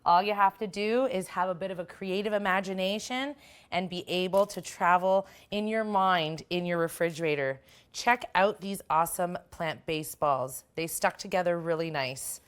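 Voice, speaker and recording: In a casual cooking demonstration, a woman with a smooth, lowish voice talks at a moderate pace. She hosts the show, chatting upbeat as she works through a recipe.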